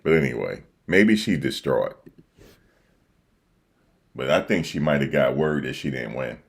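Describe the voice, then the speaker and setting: A man's voice: a bass voice, animated, unhurried, creaky, breathy edge. A man with an East Coast accent hosting a casual livestream, reacting to the news in slangy, repetitive chat. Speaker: livestream host reacting to election results. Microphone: desk microphone.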